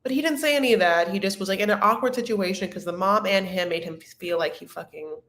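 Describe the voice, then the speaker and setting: A woman's voice: mid-range voice, quick pace, fairly bright tone, reverberant. A woman hosting a casual live recap chat, rambling and candid, with lots of tangents and filler words. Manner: rambling, chatty, full of "like" and tangents. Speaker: host of a reality TV recap show.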